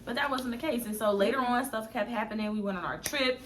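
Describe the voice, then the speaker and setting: A woman telling a story in casual chat with her best friend, animated and laughing as she talks. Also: fairly high pitch, fast, a little hiss or hum.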